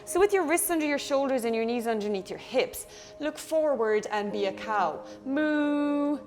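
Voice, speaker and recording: A woman's voice: fairly high pitch, expressive, normal speed, soft background music. A young Irish woman leading a children's yoga class, playful and encouraging as she talks to the kids at home.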